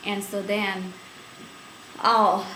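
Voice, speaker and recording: A woman's voice: mid-range voice, flat delivery, drawn-out words, sharp tone, echoey room, slight background noise, poor audio. A woman from India, recalling her school days in an oral history interview, chatty and laughing often. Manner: chatty, laughing storyteller with many fillers.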